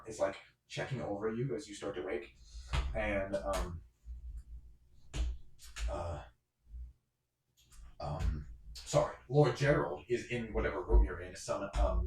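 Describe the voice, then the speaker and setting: A man's voice: on the low side, a little mellow. A man narrating as game master of a tabletop game, in a rambling way with many fillers. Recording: roomy echo.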